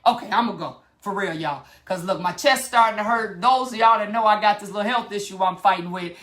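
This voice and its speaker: Speaking directly to her viewers, a middle-aged vlogger delivers a fiery, preachy motivational talk full of passion. She has a mid-range, fairly bright voice and a brisk pace.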